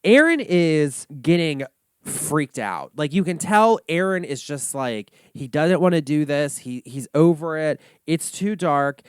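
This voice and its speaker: A man's voice: a little high, measured pace, clean tone, no echo, clean studio sound. A man hosting a comedy reaction monologue, ranting sassily and swearing often. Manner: sassy, animated ranting with frequent swearing. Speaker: host.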